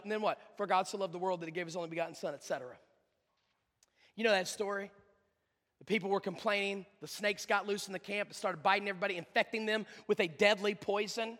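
A man preaching a sermon as pastor, swinging between loud emphatic lines and low quiet asides. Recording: long hall reverb.

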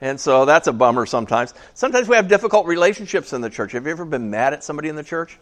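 A man's voice: fairly high pitch, very animated, rapid-fire, a bit bright. A man preaching a casual sermon to a small church, chatty and joking, asking the congregation questions. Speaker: pastor.

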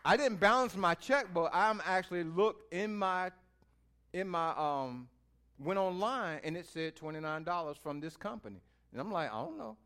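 A man with a high voice delivers a sermon, talking straight to his listeners in a folksy, chatty way. He moves from quiet, thoughtful asides to loud, drawn-out calls to praise. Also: animated, clear, resonant tone. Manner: swings from quiet musing to loud exhortation; folksy, speaks to the listeners directly. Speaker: preacher.

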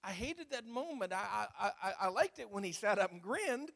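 A man's voice: high voice, big pitch swings, moderate pace, gravelly, few pauses, a bit bright, big-room sound. A man preaching a sermon as pastor, telling a story and asking the congregation questions.

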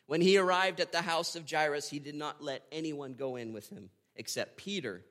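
A man giving a devotional Bible teaching. He reads scripture aloud and reflects on it with emotion and slow emphasis. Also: fairly high pitch, a bit bright. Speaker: preacher.

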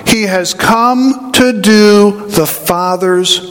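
High-pitched guy preaching, punchy questions then low asides, echoey church hall. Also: normal speed, a bit bright. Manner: emphatic, swings between high rising questions and low asides. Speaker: pastor. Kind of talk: sermon.

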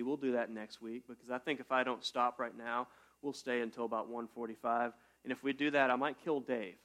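A man preaching a casual sermon in a church, talking to his congregation like friends. He jokes often and breaks into sudden loud bursts before settling back down. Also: medium pitch. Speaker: pastor. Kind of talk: conversational sermon.

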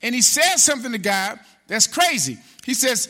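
A man preaching a sermon as pastor, animated, calling out to the congregation and acting out biblical figures. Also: extremely high pitch, normal speed, hardly any pauses. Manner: animated preaching with call-and-response; acts out biblical figures in quoted speech.

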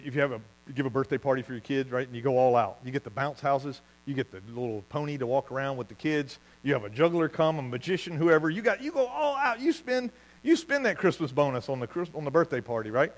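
A man preaching a sermon as pastor, telling stories with lively asides and laughing at his own jokes. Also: mid-range voice, fast, poor audio.

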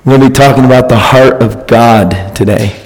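A man's voice: medium pitch, fairly quick, soft background music. A man serving as pastor, chatting casually and counting into the mic during a sound check before a sermon. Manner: relaxed, joking, counting into the mic. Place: church sanctuary. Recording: long hall reverb.

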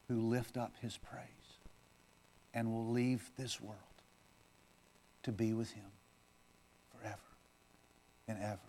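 A man pastor preaching a sermon, swinging from loud, forceful declarations down to a soft, intimate appeal. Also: mid-range voice. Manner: preaches with loud swells, then drops to soft, close talk.

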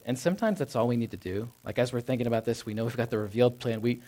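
A man's voice: medium pitch, racing, warm tone. A man in his thirties preaching a sermon in a church, talking in a personal, conversational way with plenty of fillers and restarts. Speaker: pastor. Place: church sanctuary.

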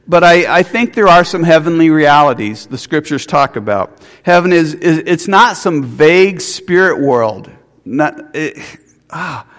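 A man's voice: fairly high pitch, fairly bright tone, long reverb tail. A man preaching a sermon, earnest, with restarts and rhetorical questions. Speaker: pastor.

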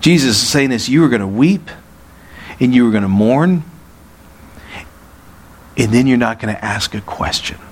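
A man's voice: mid-range voice, animated, moderate pace, pauses often. A male pastor preaching a sermon in an earnest way, asking rhetorical questions.

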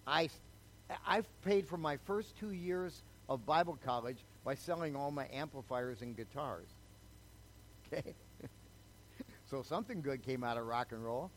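An older man preaches unhurriedly in a mid-range voice, sharing his personal testimony in a conversational, storytelling manner and regularly asking the audience "okay?" The recording is rough, with slight background noise.

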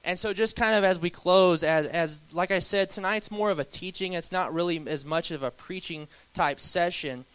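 Young male church teacher, raised pitch, casual conversational delivery in a church hall. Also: fairly bright tone, smooth. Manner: conversational, with filler words and light laughs.

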